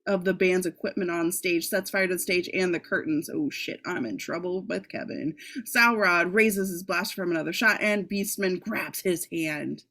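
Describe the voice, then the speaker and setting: A woman's voice: fairly low pitch, normal speed, hardly any pauses, a bit bright. A woman reading a screenplay aloud in a casual way, breaking off for joking asides and the odd swear word. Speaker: script reader.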